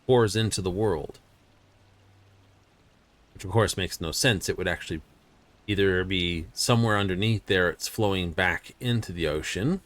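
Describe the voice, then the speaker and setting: A man's voice: sits low, moderate pace, pauses often, fairly bright tone. A man streaming a video game, rambling and thinking aloud as he studies the map. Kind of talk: casual game-stream commentary.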